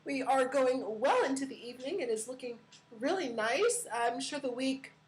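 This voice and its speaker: A woman's voice: high-pitched, lively intonation, normal speed, low-quality recording. A woman hosting a casual live stream, giggly and full of fillers. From California.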